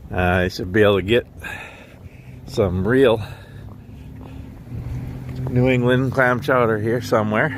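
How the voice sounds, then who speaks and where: A man casually narrating his walk through town streets in a slow, rambling, chatty way with chuckles, talking to a handheld camera. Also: lowish voice, a little hiss or hum. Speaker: walking vlogger.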